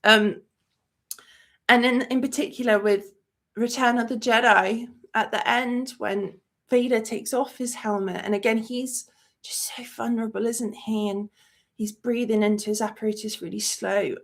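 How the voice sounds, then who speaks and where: A woman runs a live-stream chat for her movie review channel, talking with a lot of emotion and rambling along with plenty of filler words. Her voice is fairly high, her intonation fairly even, and her pace moderate.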